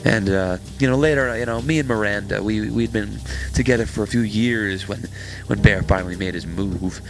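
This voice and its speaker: A man playing a bitter gravelly ex-friend. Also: lowish voice, a little hiss or hum, natural voice. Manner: bitter, halting, many fillers. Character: bitter resentful male ex-friend. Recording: clear music behind.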